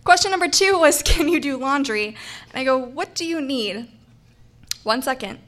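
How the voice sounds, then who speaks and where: A young woman telling a funny personal story on stage, animated and laughing, acting out the voices of the people in it. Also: high-pitched, moderate pace. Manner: animated, acts out quoted voices, laughs often.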